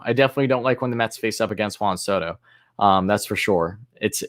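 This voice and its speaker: A man hosting a live fan stream, calling plays in an announcer-like way between casual, hesitant answers to chat. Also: fairly low pitch. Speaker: livestream host and fan commentator.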